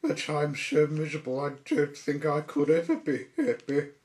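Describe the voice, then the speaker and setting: A man's voice: on the high side, wildly swooping pitch, measured pace, a little mellow, recorded from a distance, voice pushed up. A man doing a gloomy, whining little storybook man. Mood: miserable. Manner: mopey, self-pitying whine.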